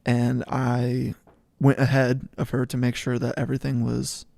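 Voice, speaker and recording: Earnest gravelly-voiced young man on a podcast. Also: mid-range voice, completely flat delivery, a little slow, darkish tone, no echo, studio quality. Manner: earnest storyteller, repeats words as he thinks. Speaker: podcast co-host. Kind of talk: casual faith podcast chat.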